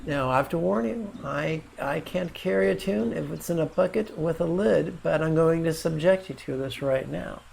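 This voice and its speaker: A man's voice: a little high, measured pace, vocal fry, a little mellow. A man teaching meditation in a video lesson, wry, with playful asides.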